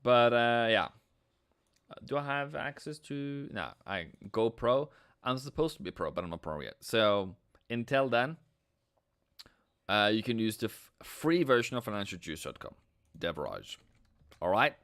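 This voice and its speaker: A man's voice: medium pitch, big pitch swings, measured pace, long pauses, a bit bright, smooth. Playful man hosting a stream. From Norway. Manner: playful, chats with viewers, breaks into silly sound effects. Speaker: forex trading livestream host. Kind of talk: casual live-stream commentary.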